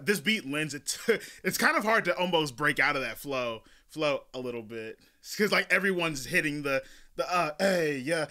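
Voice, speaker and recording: Excitable man reacting to rap music. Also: fairly high pitch, normal speed, hardly any pauses. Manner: excitable, chatty, repeats phrases. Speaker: reaction video host. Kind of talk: casual reaction commentary. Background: rap music playing.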